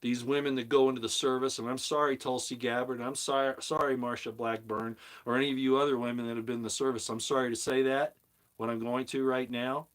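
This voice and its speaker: A man's voice: mid-range voice, flat delivery, fast. A middle-aged man hosting his own channel, delivering a heated, preachy monologue that leans on emphatic repetition. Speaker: commentary channel host. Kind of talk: opinionated monologue.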